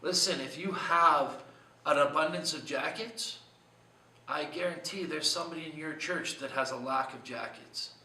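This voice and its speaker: A man's voice: on the high side, moderate pace, pushed and bright, reverberant, far from the mic, a little hiss or hum, poor audio. A man preaching a short devotional sermon in an earnest, conversational way, asking his listeners many questions. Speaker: pastor.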